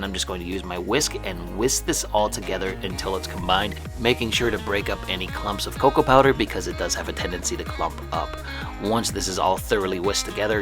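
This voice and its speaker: Low-voiced man hosting a cooking tutorial. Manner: upbeat, chatty step-by-step instructions. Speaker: cooking show host.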